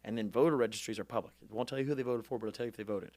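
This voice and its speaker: A man's voice: mid-range voice, very fast, darkish tone, no room sound. A young man, telling his story as a podcast guest and acting out the voices of the people he quotes. He talks with rally-speech energy and swears freely. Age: 20s. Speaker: guest, former congressman. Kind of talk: animated storytelling interview.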